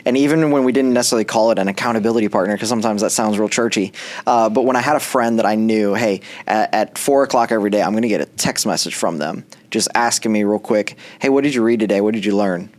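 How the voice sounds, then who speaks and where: Lowish voiced guy pastor chatting on a faith podcast, loose and rambly with lots of likes and uhs. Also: fast. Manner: chatty, with many fillers and restarts. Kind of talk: casual faith podcast conversation.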